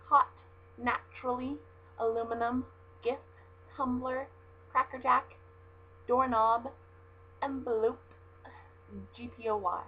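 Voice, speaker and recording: A young woman from Southern California with a Southern Californian accent, reading a word list in a casual home vlog, chatty and self-deprecating with frequent ums. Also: on the high side. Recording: dull lo-fi webcam audio with faint mains hum.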